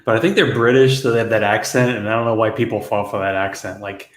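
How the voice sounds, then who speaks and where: Low-voiced rambling man in an echoey room. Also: steady tone, fast talker. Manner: rambling, hedging, with soft laughs. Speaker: podcast co-host. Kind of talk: casual podcast chat.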